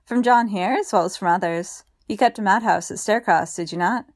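A woman reading the part of a warm, sharp-eyed countrywoman with a rough Yorkshire accent. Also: mid-range voice, no room sound, clean studio sound, lightly acted. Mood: chatty. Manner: warm, brisk, hospitable.

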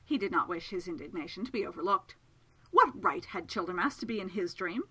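A woman narrating a novel in an expressive storytelling manner. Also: lowish voice, fairly quick, slightly rough, low-quality recording. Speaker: audiobook narrator. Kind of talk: scripted narration.

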